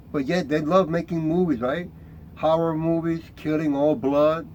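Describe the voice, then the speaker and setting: A fiery middle-aged man preaching in a voice pitched a little high for a man. He reads scripture slowly and deliberately, then turns confrontational, tossing "right?" at his listeners. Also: steady tone, a little mellow, muffled recording, slight background noise.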